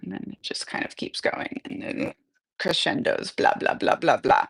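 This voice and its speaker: A woman's voice: deep voice, animated, normal speed, vocal fry, slightly rough. A woman hosting a livestream, casually walking through a musical she wrote and reading its lyrics aloud between loose stage directions. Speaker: livestream host.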